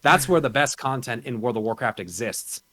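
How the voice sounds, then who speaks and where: A man's voice: mid-range voice, animated, normal speed, fairly bright tone, no echo. A man chatting casually as a podcast guest and game streamer, rambling and swearing freely. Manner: rambling, loose and profane, with many restarts.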